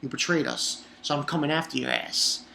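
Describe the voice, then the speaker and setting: A man's voice: on the high side, steady tone, brisk, creaky, bright, forceful tone, echoey room, slight background noise. A man paraphrasing a furious male fish-man villain from an anime, cursing out a traitor in his own everyday voice. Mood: angry ranting. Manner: angry, ranting.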